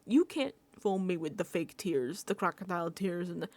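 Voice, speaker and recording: A young woman talks through a reality show recap in a sassy, gossipy tone. Her pitch swings widely as she acts out what the contestants said. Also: expressive, normal speed, a little mellow. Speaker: recap vlogger.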